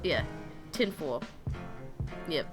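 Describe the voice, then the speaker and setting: A woman's voice: low voice, lively intonation, extremely slow, music in the background. A young woman from Tennessee with a Southern accent, co-hosting a podcast in casual chat, full of fillers and laughs. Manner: chatty, laughs often, many fillers. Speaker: podcast co-host.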